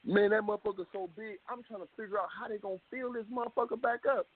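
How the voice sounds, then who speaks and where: A man guest telling his story in an animated way, full of street slang and swearing, heard on a tinny phone line. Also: high-pitched, fast talker, slightly rough. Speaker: rapper guest. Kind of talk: phone interview.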